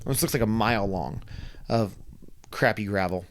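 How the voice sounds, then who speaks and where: A man's voice: fairly low pitch, moderate pace, slight background noise. A man casually telling a long story, rambling, repeating words and acting out the quotes.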